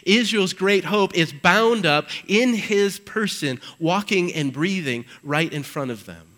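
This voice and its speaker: A man with a fairly high voice preaches an Easter sermon in a church. His delivery swings from forceful, ringing emphasis down to quiet, low-key stretches, and he reads scripture aloud with dramatic weight. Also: animated, takes it slowly, poor audio. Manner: dynamic preaching, swinging from loud emphasis to hushed low passages. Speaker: pastor.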